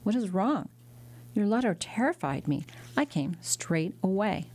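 A devoted young son asks urgent, worried questions, as a woman narrator reads his lines. His voice is anxious and hurried in tone. This is a storybook reading. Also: mid-range voice, very animated, darkish tone.

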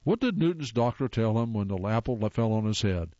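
A man's voice: fairly low pitch, lively intonation, brisk, dark tone, dry recording, highs cut off. A man hosting a show, casually reading corny jokes aloud and groaning wryly at how bad they are. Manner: reads jokes then groans at them wryly.

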